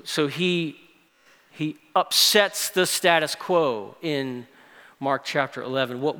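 Male pastor, bright and high-pitched, dynamic sermon delivery, long hall echo. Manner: dynamic preaching, swings from loud emphasis to hushed tones. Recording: echoey hall reverb.

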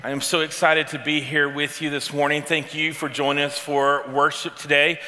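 A man's voice: on the high side, flat delivery, moderate pace, sharp tone. A man preaching a sermon as pastor to his congregation, in a conversational style with casual asides. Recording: long reverb of a large hall.

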